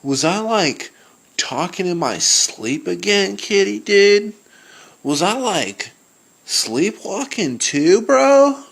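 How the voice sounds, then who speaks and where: A man's voice: high-pitched, big pitch swings, slow, creaky, fairly bright tone, exaggerated voice. A man voicing a dopey surfer-dude young man in a homemade cartoon, calling everyone dude and bro in slangy talk.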